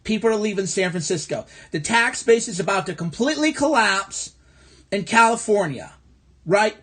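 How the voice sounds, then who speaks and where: Midwest guy ranting on a phone stream, high voice, swearing, sarcastic, keeps repeating himself. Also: expressive, moderate pace, a bit bright. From American Midwest. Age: adult. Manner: angry, profane, repetitive and sarcastic. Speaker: livestream host. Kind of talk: ranting political livestream monologue. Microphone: phone livestream.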